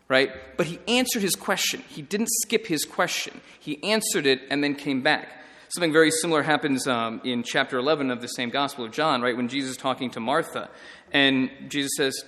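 A man's voice: fairly high pitch, fairly quick, long reverb tail. A man, a priest, giving a conversational teaching talk on reading scripture, often checking in with "right?". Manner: conversational, animated, frequent "right?" tags.

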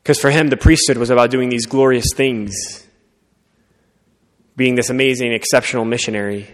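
A man preaching a sermon, telling a story in an earnest, conversational way and often dropping to a soft voice. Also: mid-range voice, fairly even intonation, moderate pace. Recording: long reverb of a large hall.

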